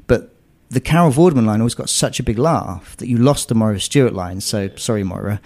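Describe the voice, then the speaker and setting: A screenwriter being interviewed, chatting casually and telling animated stories with frequent restarts. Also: male voice, fairly low pitch, fast. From England. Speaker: screenwriter guest. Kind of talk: conversational interview.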